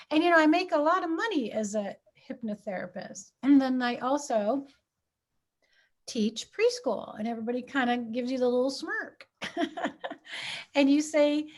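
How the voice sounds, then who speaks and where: A woman's voice: sits high, expressive, measured pace. A woman who teaches preschool and works as a hypnotherapist, chatting casually, acting out voices in her stories and laughing often. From United States. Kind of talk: casual chat.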